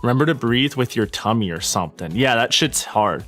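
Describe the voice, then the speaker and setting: Rambling streamer man, lively pitch. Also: fairly quick, soft background music. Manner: rambling, self-interrupting, swears freely. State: slightly out of breath. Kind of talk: casual live-stream chat.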